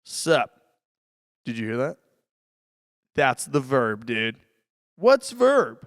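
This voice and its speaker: A man's voice: mid-range voice, fairly even intonation, slow pace, fairly bright tone, clean tone, no echo, studio quality. A man giving a casual tutorial on a live mixer, talking loosely and saying "dude", speaking into a vocal mic. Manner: laid-back, says "dude" a lot, demonstrates with his voice. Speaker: music tutorial host. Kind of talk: casual instructional demo. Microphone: vocal mic through a live mixer.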